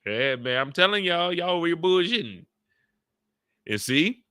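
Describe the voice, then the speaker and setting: Lively, bright-voiced man riffing casually. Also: a little high, moderate pace, clear, resonant tone, no room sound, studio quality. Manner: animated, slangy, laughs often, mimics characters. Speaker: show recap host. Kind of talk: casual live commentary.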